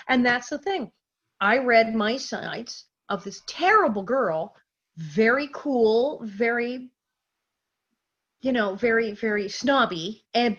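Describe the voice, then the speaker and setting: Husky middle-aged woman telling stories. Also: fairly high pitch, takes it slowly. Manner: lively anecdotal, acts out quotes. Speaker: interview guest, former child actress. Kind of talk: casual interview storytelling. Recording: dull lo-fi audio.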